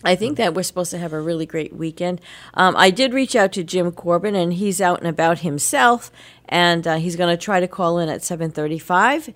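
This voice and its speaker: Middle-aged woman, radio co-host, slightly low voice, chatty storyteller who laughs a lot. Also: fairly quick. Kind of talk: casual morning radio chat.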